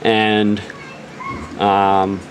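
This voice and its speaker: A young man running a tabletop game on stream as game master, narrating with lively, joking drama. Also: fairly low pitch, very slow, noisy background.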